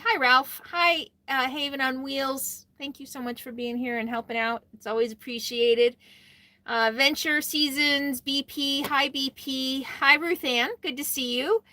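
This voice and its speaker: Bright-voiced woman chatting on a livestream. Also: high voice, dry recording. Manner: chatty, greets viewers by name, laughs often. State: tired. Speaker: RV vlogger hosting a livestream. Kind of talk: casual live stream chat. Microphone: phone held close.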